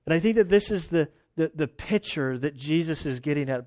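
A man's voice: on the high side, animated, brisk, hardly any pauses, darkish tone. Conversational male preacher, muffled sound. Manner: conversational, storytelling with frequent restarts. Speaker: pastor. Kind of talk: sermon.

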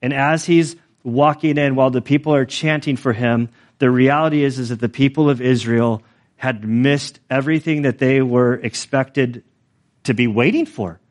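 Male pastor, mid-pitched, conversational sermon delivery with self-deprecating asides. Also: moderate pace.

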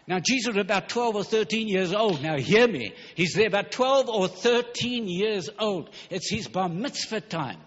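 Male preacher, husky voice, emphatic and rushed, dull hall recording. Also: high voice, animated, a bit bright. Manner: fervent, emphatic, rushing with stumbles. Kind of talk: sermon.

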